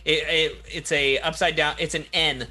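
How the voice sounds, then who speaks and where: A man's voice: fairly high pitch, flat delivery, normal speed, bright, forceful tone. A man running a live tabletop game as game master, friendly and talking in loose bursts.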